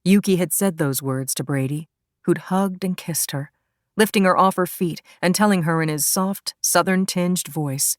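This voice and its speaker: A woman narrator with a notably low voice, reading an audiobook in a calm, even way. Her voice is recorded close to the mic and sounds dry, with no room echo. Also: normal speed. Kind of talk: scripted narration.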